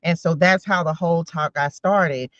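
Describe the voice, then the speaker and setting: A woman's voice: on the low side, steady tone, moderate pace, a bit bright, no room sound. A talkative woman in her forties runs a casual spiritual tarot reading and often drifts into personal asides. She speaks right to her audience. The recording is dry and a little muffled, with no room sound. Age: 40s. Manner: chatty, rambling asides, talks straight to viewers. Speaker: tarot reader.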